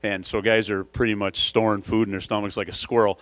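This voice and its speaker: A man's voice: on the low side, little pitch movement, fairly quick, a bit bright, no room sound. A man emceeing a coaching conference, telling a story to the audience in a chatty, conversational way.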